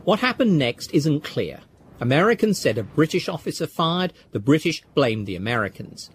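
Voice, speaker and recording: A man giving scripted documentary narration in a measured, storytelling way. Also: on the high side, sing-song, slight background noise.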